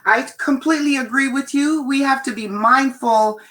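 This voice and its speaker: Woman panelist, bright, slightly high voice, measured emphatic delivery. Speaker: panel guest. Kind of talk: panel discussion.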